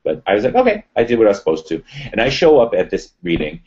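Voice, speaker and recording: A man speaks in a low voice as a guest in a casual interview, telling a personal story with animated retelling. He acts out the voices of the people he quotes. The sound is dull and lo-fi. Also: very fast.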